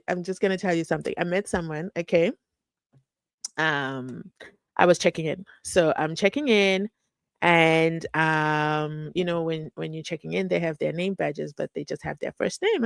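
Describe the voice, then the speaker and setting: A woman's voice: low voice, expressive, fairly quick, vocal fry, no room sound. A woman hosts a live stream, reading out chat comments and telling stories in a chatty, teasing way. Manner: chatty and playful, teasing, laughing at her own jokes. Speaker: livestream host.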